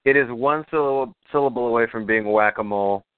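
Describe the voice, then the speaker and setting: A man's voice: medium pitch, fast, clean tone, no echo. A man in casual podcast chat who drops dry, wry quips. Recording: dry, tinny phone-like audio.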